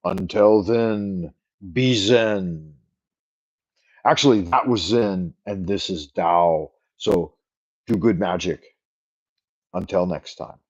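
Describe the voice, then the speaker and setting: A man's voice: low voice, slow pace, long pauses. A middle-aged man hosting a casual late-night livestream, rambling and thanking viewers in a jokey put-on Irish lilt, talking into a camera mic. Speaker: livestream host. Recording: slightly muffled lo-fi stream audio.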